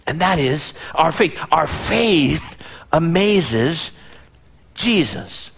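A man's voice: fairly high pitch, very animated, extremely slow, vocal fry, a bit bright, husky. A man preaching a sermon as pastor, dramatic, acting out the people of his story in voices and often repeating and restarting phrases. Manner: dramatic, acts out the Bible figures in voices.

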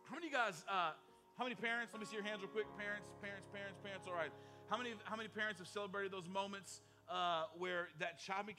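A middle-aged male pastor preaching a sermon in a church sanctuary, moving from a soft spoken prayer to loud, animated exhortation. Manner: fervent preaching that builds from a quiet prayer to a loud high exhortation.

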